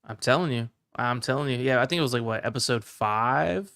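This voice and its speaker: A podcast guest with a gravelly, mid-range voice talks a little fast in a casual chat. He is passionate and gets excited as the conversation goes on.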